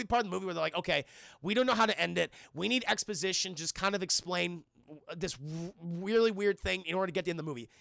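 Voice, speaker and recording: A man's voice: high-pitched, gravelly, dry recording, clean studio sound. A man streaming a casual film recap to his chat, cursing freely and acting out the characters' lines. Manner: animated, profane, acts out quotes, addresses chat.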